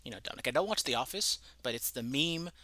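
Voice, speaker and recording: Man, casual sports podcast talk, bright tone, dry sound, rambling and loose. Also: mid-range voice, lively intonation, quick pace, dry recording. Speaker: podcast co-host.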